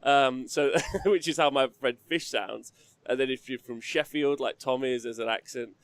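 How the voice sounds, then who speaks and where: A man's voice: mid-range voice, moderate pace. A man from England, hosting a casual, rambling chat show, swearing and laughing as he talks. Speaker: podcast host.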